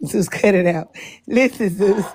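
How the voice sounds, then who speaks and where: A woman's voice: mid-range voice, a little slow, crowd noise. A woman calling into a live show, speaking emphatically and preachily and repeating her points. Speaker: caller. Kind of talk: casual call-in commentary.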